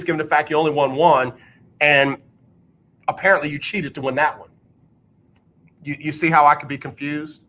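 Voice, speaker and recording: A man's voice: on the high side, poor audio. A man hosting a sports talk radio show, joking and laughing as he reads listener texts. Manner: animated, laughs often.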